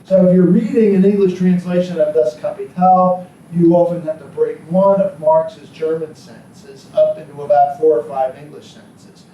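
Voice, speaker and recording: A man's voice: fairly high pitch, steady tone, moderate pace, warm tone, muffled recording, slight background noise. A man giving a political science lecture in a classroom, rambling with frequent ums and asides. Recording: echoey classroom from far off.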